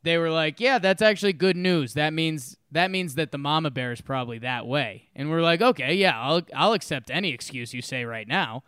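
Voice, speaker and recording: A man co-hosting a casual chat podcast, telling a story with lively acted-out quotes and frequent laughs. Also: fairly high pitch, fairly quick, few pauses, clean tone, no room sound, studio quality. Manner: animated storyteller, acts out quotes, laughs often. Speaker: podcast co-host.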